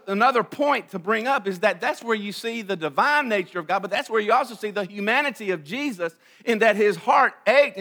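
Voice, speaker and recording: High, bright-voiced preaching pastor. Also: male voice. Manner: emphatic preaching that swings between loud and hushed; repeats phrases for emphasis. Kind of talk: sermon.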